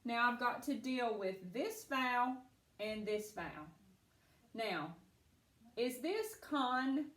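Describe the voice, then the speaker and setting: A woman teaching a phonics lesson to children, patient and encouraging, speaking slowly and clearly. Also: on the high side, fairly bright tone, echoey room.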